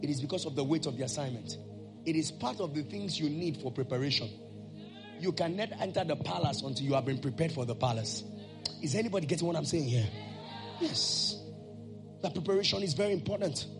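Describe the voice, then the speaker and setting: A man preaching a sermon, calling out to the congregation and rising into shouted, chanted lines. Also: a little high, lively intonation, a little fast, over music.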